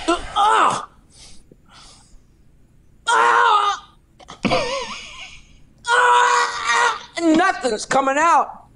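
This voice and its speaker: A comedian rattling off jokes, breaking into shouted punchlines and cackles. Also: male voice, extremely high pitch. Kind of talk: rapid-fire joke telling.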